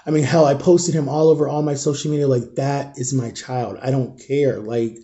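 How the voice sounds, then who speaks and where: A grieving, shaken man talking straight to camera in an emotional storytime vlog, halting and raw, often sinking to a near whisper. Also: mid-range voice, fairly even intonation, mellow. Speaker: vlogger.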